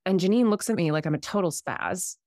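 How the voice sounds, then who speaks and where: A woman in her thirties, a Reiki healer, telling a personal story in a casual, animated way and acting out the voices of the people she quotes. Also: on the low side, fairly quick, no echo, clean studio sound. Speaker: podcast guest, Reiki healer.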